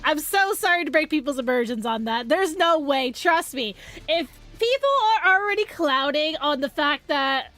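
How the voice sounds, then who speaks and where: A woman's voice: sits high, lively intonation, moderate pace, fairly bright tone, faint music behind. A woman streaming, chatting casually and playfully with viewers, giggling often. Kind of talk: casual live-stream chat.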